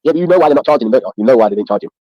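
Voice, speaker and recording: A man calling in to a stream, chatting in an excitable, jokey way. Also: mid-range voice, very fast, dry recording, lo-fi sound. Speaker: caller on a stream. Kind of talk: casual call-in chat.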